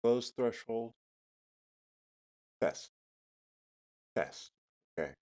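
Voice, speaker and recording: A man's voice: medium pitch, expressive, extremely slow, mellow. A man live streaming who talks casually and thinks aloud while adjusting his microphone settings. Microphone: desk microphone with noise gate and compressor.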